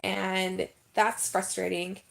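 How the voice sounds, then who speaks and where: A woman chatting on a casual live stream, her voice carrying a gravelly fry at a middle pitch. She talks in a rambling, emphatic way, full of "like" and "um". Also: level tone, slow, a bit bright. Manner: chatty and emphatic, heavy use of "like" and "um". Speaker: vlogger.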